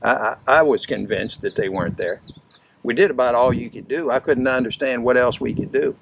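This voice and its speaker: A man teaching fishing through a folksy, animated story from his own experience. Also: mid-range voice, fairly quick, gravelly, noisy background. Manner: folksy, animated anecdote-telling. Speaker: fishing instructor. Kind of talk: storytelling lesson.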